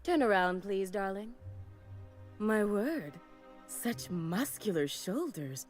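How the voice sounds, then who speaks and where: A woman's voice: mid-range voice, lively intonation, slow, faint music behind. A woman voicing a flamboyant fashion designer in a video game, theatrical and doting, full of endearments. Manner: grandiose, theatrical, showering people with endearments. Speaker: game character.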